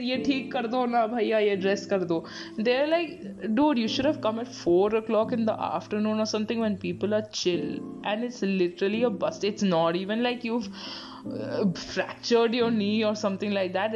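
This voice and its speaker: A woman's voice: fairly high pitch, dull audio. A young woman from Bangalore with an Indian English accent, hosting a casual solo podcast and telling stories with frequent laughs and swearing. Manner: laughing often, swearing, chatty storytelling. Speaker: podcast host.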